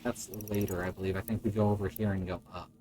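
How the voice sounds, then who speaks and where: A man's voice: deep voice, flat delivery, quick pace, warm tone, slight background noise, poor audio. A man chatting casually and joking while he plays a game on a live stream. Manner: wry, joking, narrating his gameplay.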